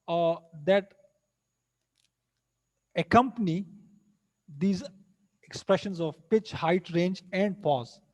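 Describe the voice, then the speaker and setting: High-voiced man lecturing. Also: a little mellow. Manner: repeats himself and rephrases, hesitant fillers. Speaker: teacher. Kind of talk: lecture mixing English and Hindi.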